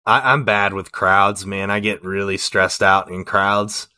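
A man co-hosting a podcast in casual chat, slangy and quick to laugh. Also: on the low side, flat delivery, pushed and bright, clean tone, no echo, clean studio sound.

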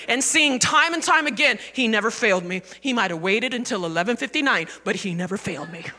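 Bright-voiced woman pastor in a reverberant hall. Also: fairly high pitch. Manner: conversational and animated, asking the congregation questions. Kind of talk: sermon. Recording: long reverb of a church hall.

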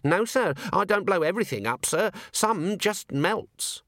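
A man's voice: high voice, animated, unhurried, fairly bright tone, no echo, clean studio sound, pitched above the performer's own voice, heavily acted. A man voicing a nervous, earnest young dwarf alchemist who keeps politely adding sir, in an audiobook reading. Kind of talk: audiobook character voice.

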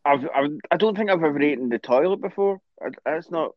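A man's voice: fairly high pitch, expressive, quick pace, no room sound. Scottish man on a dull lo-fi mic. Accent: Scottish, Greenock. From Scotland. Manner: blunt, anecdotal. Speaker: co-host. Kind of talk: casual podcast chat. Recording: dull lo-fi dry recording.

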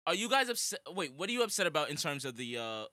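A man, a podcast co-host in casual, animated, slangy banter. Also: a little high, fast, no room sound. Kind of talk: casual chat.

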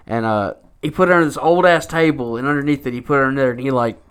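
A podcast co-host speaks quickly in a clean, medium-pitched voice. He drifts through a loosely told story in casual conversation, dropping frequent profanity and plenty of "like" and "you know."

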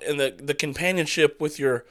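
A man's voice: on the high side, fairly quick. A man co-hosting a casual sports chat, rambling and passionate, prone to getting fired up. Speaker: podcast co-host.

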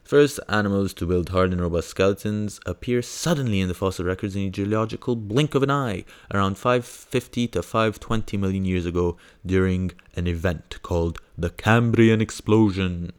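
A man hosting a casual science news podcast, rambling and hesitant with lots of fillers, now and then breaking into high squeals of delight. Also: moderate pace, hardly any pauses, smooth. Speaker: podcast host.

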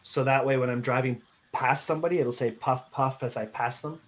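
A man's voice: medium pitch, fairly even intonation, brisk. A man hosting a casual podcast chat, joking around and asking his guests questions. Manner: laid-back, jokey, asks the questions. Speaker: podcast host.

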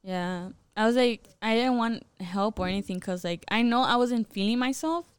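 A woman's voice: fairly high pitch, normal speed, smooth, no room sound. A young woman, a podcast guest, telling a personal story in a candid, casual way, swearing freely and filling her speech with "like".

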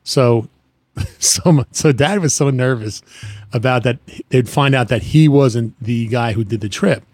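A middle-aged man, a guest on a chat show, telling family stories in a rambling way with many restarts and lively imitations of people. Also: mid-range voice, unhurried, no echo. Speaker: guest, retired plumbing business owner. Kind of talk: casual storytelling chat.

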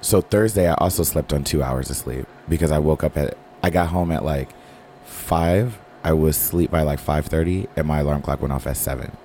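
A man co-hosting a casual podcast chat, raspy with an early-morning unwarmed voice, sassy and gossipy. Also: rumbling low, a little fast, warm tone, a little hiss or hum. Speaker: podcast co-host.

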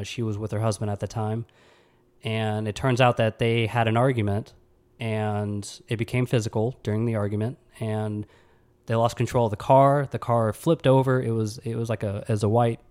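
A man in his thirties from Mississippi, hosting a podcast and telling a personal story in a somber, halting way with many restarts. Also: lowish voice, a little mellow. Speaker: podcast host.

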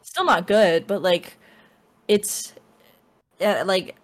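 A woman's voice: mid-range voice, lively intonation, drawn-out words. A young woman co-hosting a laid-back chat podcast. She rambles with plenty of fillers and breaks into giggles as she talks. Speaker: podcast co-host. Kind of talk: casual chat.

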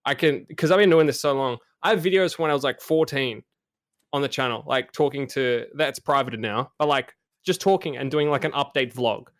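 A man's voice: mid-range voice, fairly quick, dry recording, clean studio sound. A young man co-hosting a podcast, talking casually and rambling with lots of fillers and some swearing. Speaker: podcast co-host, streamer.

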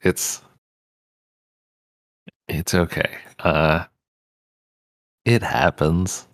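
A laid-back man chats at the game table in a very deep, unhurried voice. The sound is close and dry. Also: fairly even intonation, dry recording. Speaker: player. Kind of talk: casual chat at a tabletop game.

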